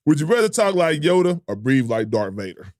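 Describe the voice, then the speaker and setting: A man's voice: a little high, sing-song, a little fast, a little mellow, no echo, clean studio sound. A man hosting a casual podcast chat, reading out would-you-rather questions in a laid-back, profane way and laughing often. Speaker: podcast host.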